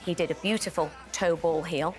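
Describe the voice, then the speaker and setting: Earnest woman in her sixties, low voice. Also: fairly even intonation, moderate pace, faint music behind. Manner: earnest, emphatic, explains in detail. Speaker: guest, dance show judge. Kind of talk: casual studio chat.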